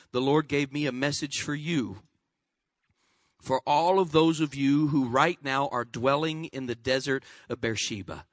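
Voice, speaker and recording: Bright-voiced preaching man. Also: a little high, no echo, clean studio sound. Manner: impassioned preaching, dropping to a soft voice in prayer. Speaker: pastor. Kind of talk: sermon.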